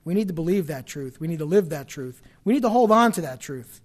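A man preaching a sermon, rising loud when he quotes scripture and dropping quiet for personal stories. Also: fairly high pitch, expressive, brisk, hardly any pauses.

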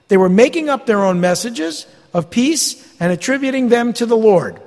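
Male pastor, high and animated, gravelly, emphatic folksy preaching, reverberant sanctuary. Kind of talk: expository sermon. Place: church sanctuary. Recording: long hall reverb.

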